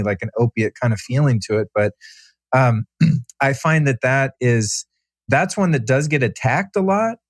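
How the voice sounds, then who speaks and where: A man's voice: mid-range voice, no echo, studio quality. A man hosting a podcast, talking in a chatty, reflective way in casual conversation. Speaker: podcast host.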